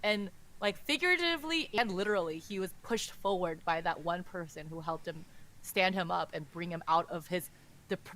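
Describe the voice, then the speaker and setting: A woman's voice: lowish voice, normal speed, fairly bright tone, poor audio. A young woman co-hosting a casual book-discussion podcast, emotional and swearing freely as she gushes. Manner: emotional, swears freely, reads passages dramatically. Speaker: podcast co-host.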